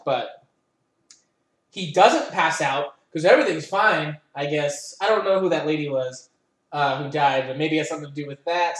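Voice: medium pitch, normal speed. A young adult co-host in a casual chat, telling a long rambling story full of swearing and "like". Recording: roomy echo.

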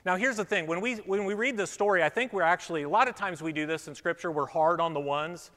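A man's voice: high voice, fast, sharp tone. A man preaching a sermon from a church stage, chatting playfully with children before reading scripture and reflecting. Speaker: pastor. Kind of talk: sermon with children's object lesson. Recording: long hall reverb.

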